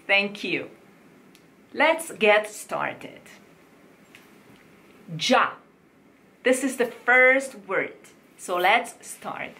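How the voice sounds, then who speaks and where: A woman leads a diction lesson for singers. She speaks at a slow, deliberate pace and drills each word several times so the listener can copy it. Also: medium pitch, very animated, vocal fry, bright, forceful tone.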